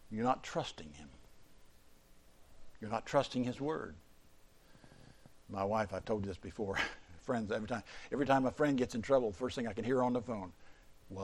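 A middle-aged man preaching a sermon, a pastor whose voice climbs to emphatic peaks and then falls low and quiet. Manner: preaching with sudden surges in pitch and loudness, then dropping low.

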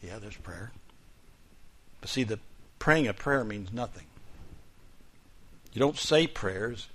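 A male pastor preaching a sermon, moving between loud declarations and quiet, hushed asides. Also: lowish voice, lively intonation, slow, slightly rough.

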